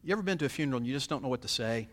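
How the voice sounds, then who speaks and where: Folksy preacher, animated and conversational. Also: male voice, rapid-fire. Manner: folksy, conversational, acts out quotes with swings in pitch and loudness. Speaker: pastor. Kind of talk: sermon.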